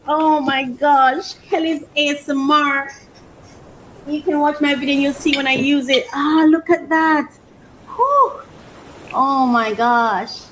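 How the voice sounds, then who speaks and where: A woman vlogging casually, who swings from gushing squeals and laughter to a softer, reflective way of talking about her feelings. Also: sits high, slight background noise, rough recording. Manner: reflective and soft-spoken when sharing personal feelings. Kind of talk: casual emotional vlog.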